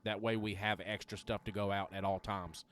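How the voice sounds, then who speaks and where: A man's voice: fairly low pitch, flat delivery, normal speed, fairly bright tone, a little hiss or hum. A man, a podcast co-host chatting casually and rambling with fillers. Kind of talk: casual chat.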